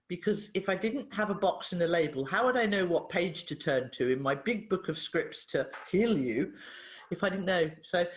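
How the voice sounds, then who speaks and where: A woman's voice: lowish voice, animated, normal speed, slight background noise. Lady chatting away, big swoopy voice, acts out the people in her stories, echoey room. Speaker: therapist and author, guest. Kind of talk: casual storytelling interview.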